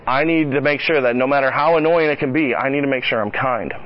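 A man's voice: medium pitch, fast, lo-fi sound, slight background noise. A man in his thirties giving a conversational sermon to a group of dads. He mixes Bible verses with family stories and laughs as he tells them. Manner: conversational, laughs at his own stories, acts out the voices of his child and wife. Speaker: speaker at a church talk for dads. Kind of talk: casual sermon with personal stories.

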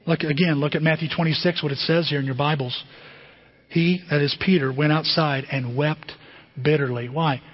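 A middle-aged man preaching a sermon as pastor, animated and conversational, often asking the congregation questions. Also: on the high side, moderate pace, husky. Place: church sanctuary. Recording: dull, muffled sermon recording with long hall reverb.

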